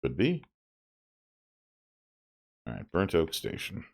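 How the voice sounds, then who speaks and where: A man streaming a game talks in a deep, relaxed voice. He comments in a chatty, amused way and thinks aloud at an easy pace. His pitch moves around a lot. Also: slow pace, gravelly.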